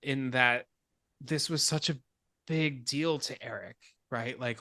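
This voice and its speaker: A man hosting a casual podcast, walking through a film's plot with animated storytelling. His voice is bright and forceful, recorded close and dry. He swears freely and laughs at himself. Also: mid-range voice, moderate pace, no room sound. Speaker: podcast host. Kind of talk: casual film discussion.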